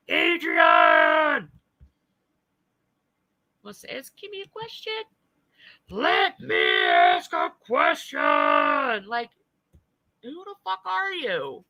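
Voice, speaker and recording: A woman's voice: mid-range voice, sharp tone, no room sound, poor audio. Blunt, profane woman ranting on a livestream.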